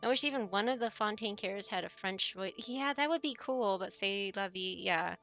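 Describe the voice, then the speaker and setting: A woman's voice: mid-range voice, brisk, fairly bright tone, faint music behind. A woman streaming, chatting casually with her viewers in a rambling way and laughing often.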